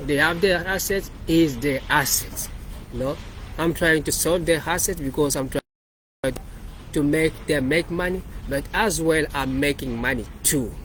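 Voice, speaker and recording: Walking through his code casually, a developer presenting his project rambles, repeating and restarting phrases. He speaks a little slowly in a fairly high, somewhat bright voice, on a rough recording with slight hiss or hum.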